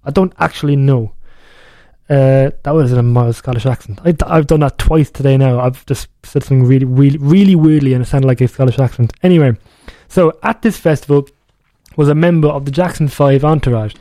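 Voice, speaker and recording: Mellow-voiced radio DJ, rambling. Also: male voice, medium pitch, brisk, dry recording. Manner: rambling, self-correcting, chatty. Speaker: radio DJ host. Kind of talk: casual music show chat.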